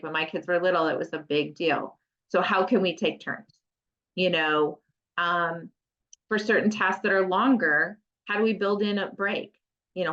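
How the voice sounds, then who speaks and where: A woman's voice: lowish voice, a bit bright. A middle-aged woman, an occupational therapist, giving a conversational parent education talk with playful asides. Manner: conversational, practical, with playful acted asides to children. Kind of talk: presenting a parent education webinar. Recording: slightly muffled lo-fi audio.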